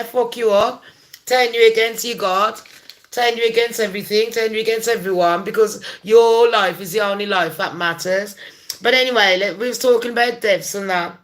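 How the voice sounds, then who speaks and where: A woman's voice: fairly high pitch, a bit bright. A woman vlogger delivering a rambling, profane, heated rant about the news. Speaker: gossip vlogger. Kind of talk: ranting commentary vlog.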